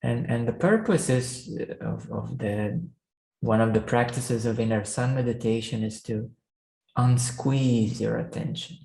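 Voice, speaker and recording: A man teaches meditation in a slow, unhurried way, and his voice has a gravelly, crackly edge. He halts often, repeating words and filling gaps with "um" as he works toward each thought. The sound is roomy, with noticeable echo around him. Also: medium pitch, a little mellow. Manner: slow, halting, many restarts and fillers. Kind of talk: spiritual teaching talk. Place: room.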